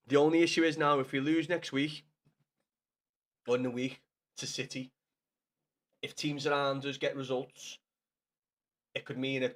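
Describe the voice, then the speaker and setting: A young man chatting casually with his live-stream viewers in blunt, sweary banter. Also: mid-range voice. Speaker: livestreamer.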